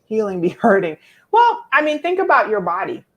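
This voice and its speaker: A woman, hosting a casual live-stream coaching talk, reading viewer comments and answering them in an expressive, preacherly way. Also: medium pitch, moderate pace. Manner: expressive and preacherly, teasing viewers by name, emphatic repetition.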